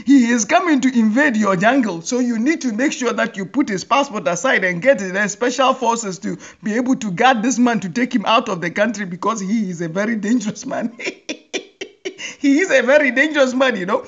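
A woman's voice: fairly high pitch, fairly quick, husky. A woman hosting a humorous commentary monologue, teasing and laughing often. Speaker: podcast host. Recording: dull lo-fi recording.

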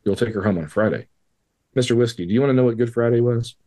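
A warm-toned, mid-range male voice moves fast through a personal story on a podcast where he's a guest. The telling is casual and profane, with the dialogue acted out in quoted voices, conversational storytelling.

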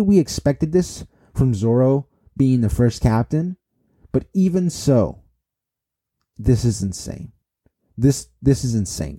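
A man casually recapping a comic chapter, excitable and repetitive, talking straight to his viewers. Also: mid-range voice, no echo, clean studio sound. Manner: excitable, repetitive, speaks to viewers as guys and bro. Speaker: manga recap vlogger.

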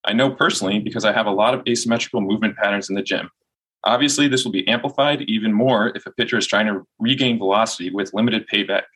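A man's voice: fairly low pitch, quick pace, fairly bright tone, slightly rough, rough recording. A man reading out a long listener question on a podcast panel.

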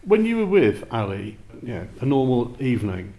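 A man's voice: mid-range voice, very animated, moderate pace, creaky, warm tone. A man interviewing a guest on a podcast, asking curious, leading questions. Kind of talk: casual interview.

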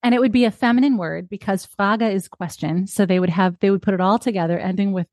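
Woman podcast co-host, chatty and tangent-prone, mid pitch, dry close sound. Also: fast talker, a little mellow, no room sound. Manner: chatty, laughs often, digresses. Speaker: podcast co-host, childbirth educator. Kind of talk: casual chat.

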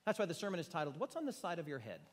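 High-voiced preacher in a reverberant hall. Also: male voice, wildly swooping pitch, racing. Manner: dramatic, swings from loud emphasis to hushed near-whispers. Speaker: pastor. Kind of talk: sermon. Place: room with a gathered congregation.

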